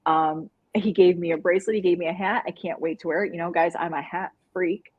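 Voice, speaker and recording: A woman's voice: on the low side, steady tone, brisk, breathy edge, phone-quality sound. A woman co-hosting a live online show, chatting casually and animatedly, often laughing and rambling. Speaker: co-host. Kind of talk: casual live-stream chat.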